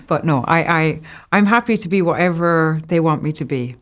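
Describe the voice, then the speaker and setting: An Irish woman in her thirties, a guest actor chatting casually in an interview, lively and often laughing. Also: deep voice, normal speed. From Ireland.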